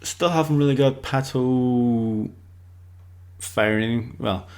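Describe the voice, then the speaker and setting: A man's voice: medium pitch, slow, darkish tone. A man giving casual, unscripted football predictions, rambling loosely and leaning on lots of filler words. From Ireland.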